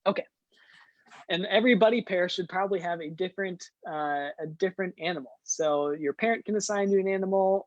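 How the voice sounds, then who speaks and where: A man's voice: sits high, dry recording, lo-fi sound. A man hosting a scouting den meeting for young kids, upbeat and leading activities with frequent "uh" fillers.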